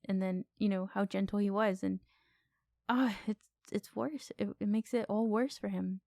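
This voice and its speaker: A woman co-hosting a podcast, talking through a film in animated casual chat and swearing freely. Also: mid-range voice, normal speed, creaky, dry recording. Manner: animated, swears freely, repeats questions for effect. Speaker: podcast co-host. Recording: dry close recording.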